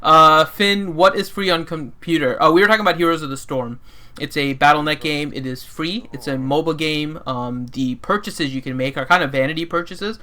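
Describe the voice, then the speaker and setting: Man, co-host, casual gaming chat, bright tense voice, slightly high. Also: normal speed. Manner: talkative, explains and reads viewer questions. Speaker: podcast co-host.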